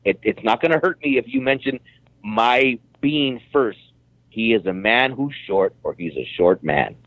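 A man's voice: mid-range voice, animated, moderate pace, no echo. Blunt man on a tinny phone line. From Mexican-American background. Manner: blunt, repeats words when starting a thought. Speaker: guest. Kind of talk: casual podcast chat.

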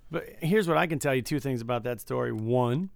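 A man co-hosting a podcast, telling animated stories about his work as a casino dealer and laughing often. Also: mid-range voice, a little fast, creaky, dry recording. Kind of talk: casual chat.

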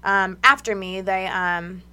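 A young woman chats as a radio guest, telling her story with lots of laughter and acted-out quotes. Her voice sits at an ordinary middle pitch, and her delivery is loose and conversational. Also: slow pace, clear, resonant tone. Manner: animated, laughing, acts out quotes. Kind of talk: casual storytelling chat.

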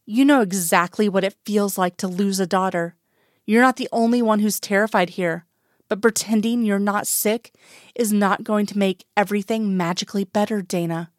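A woman reading the part of a worried older mother, soft-voiced but insistent and pleading. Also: mid-range voice, steady tone, normal speed, dry recording, studio quality, natural voice.

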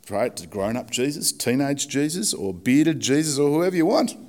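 A man voicing a dim-witted, cocky male race car driver in an attempted American Southern accent, high and drawling. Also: big pitch swings, moderate pace, a little mellow, close to an everyday voice. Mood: whiny insistent.

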